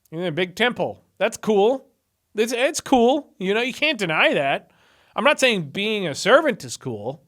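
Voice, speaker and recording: A man's voice: fairly high pitch, fairly bright tone. A young man with a slightly raised voice talks through scripture in a chatty, irreverent way. He adds sarcastic asides as he goes, like someone hosting his own channel. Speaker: video host retelling Bible stories. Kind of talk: casual commentary.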